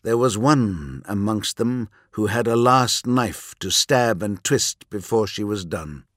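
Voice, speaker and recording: A man's voice: on the low side, animated, a bit bright, no echo. Man narrating an audiobook, dry studio sound. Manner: measured, dramatic storytelling. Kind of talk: scripted narration.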